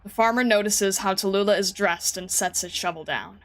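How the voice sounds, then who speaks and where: Woman calmly reading game narration. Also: mid-range voice, moderate pace, few pauses. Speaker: streamer reading a game story. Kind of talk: story narration.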